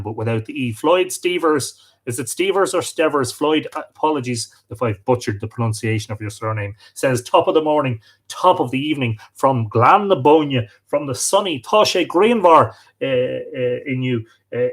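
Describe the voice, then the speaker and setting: Guy on a livestream, fairly high voice, chatty, reading out comments. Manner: chatty, reads out viewer comments warmly. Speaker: host. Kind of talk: live stream greeting viewers.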